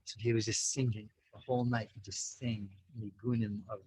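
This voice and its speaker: A man's voice: fairly low pitch, little pitch movement, moderate pace, dark tone, a little hiss or hum, low-quality recording. A man from the United States, a podcast guest, telling a story casually and animatedly. He acts out quotes, fills his talk with "like" and "you know", and mixes in Yiddish and Hebrew religious terms. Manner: peppers speech with "like" and "you know".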